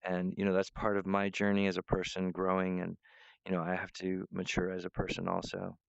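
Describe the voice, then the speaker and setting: A man's voice: low-pitched, monotone, fairly quick, creaky, no echo, dull audio. A man rambling in a monologue to camera, meandering, restarting often and breaking off to apologize. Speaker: vlogger.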